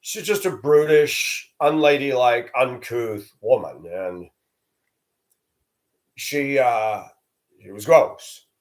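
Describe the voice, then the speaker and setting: A man's voice: medium pitch, animated, slow pace, long pauses. Blunt rambling man telling stories. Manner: rambling, blunt, with coarse language. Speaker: vlogger. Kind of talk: personal storytelling monologue.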